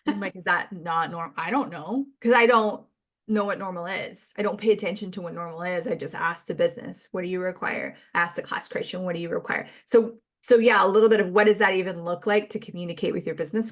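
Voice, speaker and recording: A woman's voice: mid-range voice, a little fast. A woman from Canada talking as a guest on a podcast, chatty and acting out bits of dialogue as she goes. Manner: chatty, acts out quoted dialogue, laughs often. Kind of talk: casual chat.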